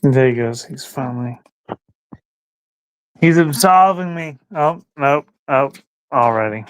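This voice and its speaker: A man's voice: medium pitch, slow, no echo. A man hosting a casual livestream, rambling and musing aloud, sometimes talking to his dog. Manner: rambling, talks to his dog between thoughts. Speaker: livestream host.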